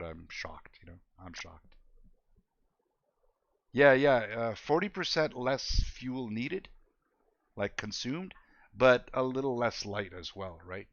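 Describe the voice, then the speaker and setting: Gravelly laid-back male game streamer. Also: on the low side, fairly bright tone, no echo, highs cut off. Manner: laid-back, joking, laughs often, thanks chatters. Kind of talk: casual gameplay chat with viewers.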